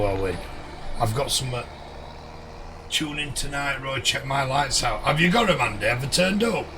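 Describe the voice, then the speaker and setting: A man live-streaming a game, greeting viewers by name in a chummy way, his voice going a little hoarse. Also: mid-range voice, expressive, normal speed, pushed and bright, far from the mic, a little hiss or hum, poor audio.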